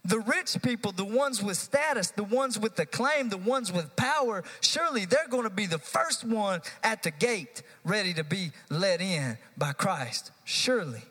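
An American youth pastor preaches a live sermon to his congregation in a church sanctuary, building to emphatic repeated lines. His voice is high, animated and sharp, unhurried yet with hardly any pauses, and the recording carries a long hall reverb.

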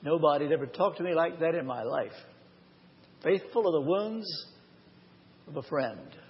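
A man preaching a live sermon in a church, telling a personal story earnestly and slowing down to stress key phrases. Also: a little high, expressive. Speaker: pastor. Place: church or large hall, live. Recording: long hall reverb, dull lo-fi sound.

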